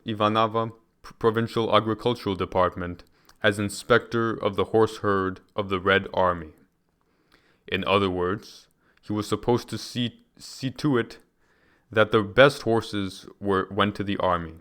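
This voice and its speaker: Low-voiced man reading aloud, resonant. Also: fairly even intonation, fairly bright tone, clear, resonant tone. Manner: measured, deliberate reading with occasional restarts. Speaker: reader.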